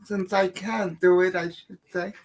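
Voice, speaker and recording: A woman's voice: lowish voice, level tone, a little slow, vocal fry, slight background noise. A woman co-hosting a casual live stream, blunt and sweary, who laughs often.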